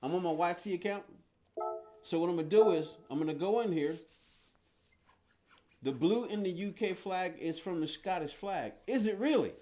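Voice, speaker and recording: A man with a high, light voice rambles loosely through a racing-game live stream. He talks straight to his viewers and thinks aloud about his cars and plans, one easygoing thought after another. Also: moderate pace, pauses often, mellow, soft background music. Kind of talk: casual live-stream chat while playing.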